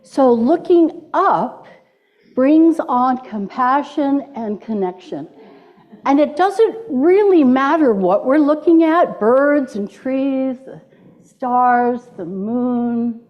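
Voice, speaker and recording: Woman, middle-aged, minister, playful sermon, slow delivery, dull lo-fi recording. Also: high-pitched, animated. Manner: playful, leads the congregation in call-and-response. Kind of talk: sermon with audience participation. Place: church sanctuary.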